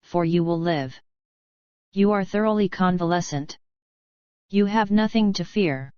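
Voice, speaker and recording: A woman reading the lines of an earnest male prince, the young prince's uncle, in an audiobook, speaking stiffly and quietly. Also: fairly low pitch, measured pace, smooth, dry recording, muffled recording, close to an everyday voice. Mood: gentle.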